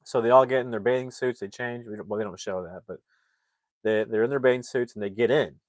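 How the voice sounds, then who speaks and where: A man's voice: mid-range voice, quick pace, no room sound. A man casually recapping a film's plot as a movie reviewer, rambling with lots of fillers.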